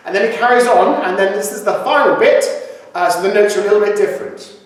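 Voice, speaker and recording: A man's voice: high-pitched, fast. A man with a Surrey accent teaching a singalong lesson, chatty and cheerful, explaining the lyrics between sung lines. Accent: Surrey English. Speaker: singing teacher. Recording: echoey room, distant mic, loud music. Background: piano accompaniment.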